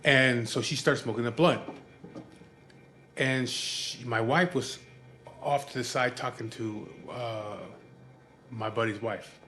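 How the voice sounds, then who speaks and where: A man's voice: mid-range voice, fairly even intonation, takes it slowly, pauses often, sharp tone. A man with a mid-range voice tells a story casually, rambling and cursing, with plenty of fillers. Faint background noise sits under his voice. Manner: rambling, profane, full of fillers. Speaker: vlogger telling a personal story.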